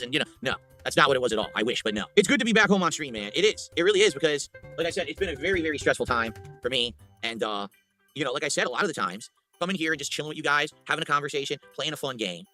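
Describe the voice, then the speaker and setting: A man streaming live, talking in a rambling, defiant monologue to his chat that often drops to a low mutter. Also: very animated, rapid-fire, sharp tone, faint music behind. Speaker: livestreamer.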